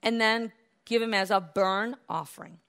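A woman preaching a sermon, retelling scripture as a lively story with laughs and acted-out quotes. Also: mid-range voice, moderate pace, creaky.

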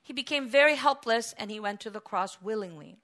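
Woman preacher, high voice, bright tone, dramatic storytelling sermon, loud calls and hushed parts. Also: fairly quick. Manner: animated storytelling with acted cries and swings from loud to hushed.

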